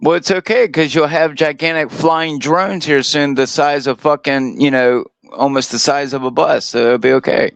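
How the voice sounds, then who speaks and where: A man in casual podcast chat, tossing in wisecracks and quick agreement. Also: on the high side, steady tone, creaky, no echo.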